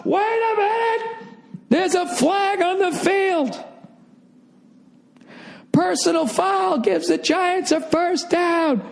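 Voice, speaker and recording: A man playing an over-the-top football play-by-play announcer, shouting and stretching out his calls. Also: extremely high pitch, takes it slowly, gravelly, long pauses, pitched above the performer's own voice, exaggerated voice. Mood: frantic.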